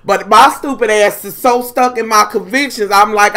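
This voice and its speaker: Woman, storytime monologue, heavy swearing, animated, chatty asides to listeners. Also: mid-range voice, moderate pace. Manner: profane, animated, addresses listeners as honey and y'all.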